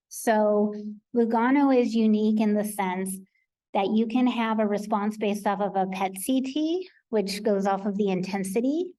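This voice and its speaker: A woman's voice: mid-range voice, mellow, poor audio. An American woman, a research coordinator, giving a practical conference presentation with frequent ums. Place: conference hall.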